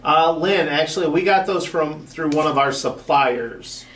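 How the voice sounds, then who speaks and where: A man's voice: a little high, unhurried, fairly bright tone. A man co-hosting a casual livestream, reading viewer comments with laid-back joking asides. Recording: roomy sound from a distant mic.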